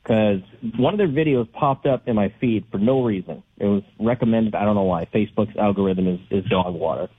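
A man's voice: fairly low pitch, brisk, hardly any pauses, dry recording. Male call-in listener, indignant and rambling; dry, phone-like sound. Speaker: caller. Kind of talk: call-in radio chat. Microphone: telephone. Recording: tinny phone line, husky.

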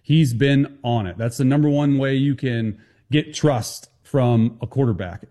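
A man appearing as a football analyst guest on a sports talk show, talking fast and confidently with quick restarts. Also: mid-range voice, warm tone.

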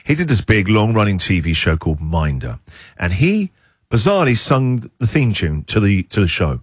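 A man hosting a radio show, telling lively stories and acting out what people said. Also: lowish voice, moderate pace, slightly rough, dry recording, clean studio sound. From England. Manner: animated storytelling, acts out quotes. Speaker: radio host. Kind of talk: casual radio chat. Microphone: studio microphone.

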